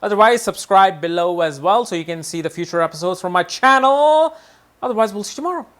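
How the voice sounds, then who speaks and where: A man teaching an astrology lesson in a lively way, often acting out what people say and repeating his words. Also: sits high, fast talker. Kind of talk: video lesson.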